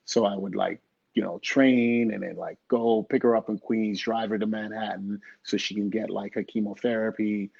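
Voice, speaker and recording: A middle-aged man, a guest in an interview, telling a personal story in an animated way and acting out the dialogue. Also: on the low side, moderate pace, vocal fry. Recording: dull lo-fi recording.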